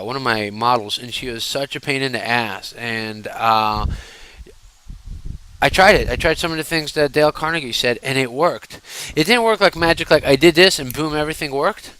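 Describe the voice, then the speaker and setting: A man telling personal stories casually to camera, animated and digressive, often turning to address his viewers directly. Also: mid-range voice, clear, resonant tone, rough recording. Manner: fidgety while talking. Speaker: storyteller.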